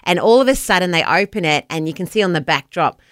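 A woman's voice: lowish voice, animated, quick pace, a bit bright, no room sound, studio quality. A middle-aged woman, hosting a breakfast radio show in chatty, enthusiastic style, laughing often. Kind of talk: casual radio chat. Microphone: studio microphone.

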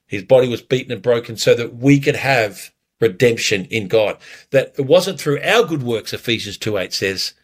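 Male pastor, earnest storytelling sermon, mid-pitched voice. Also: normal speed. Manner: storytelling, earnest, animated when retelling. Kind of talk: preaching a communion message.

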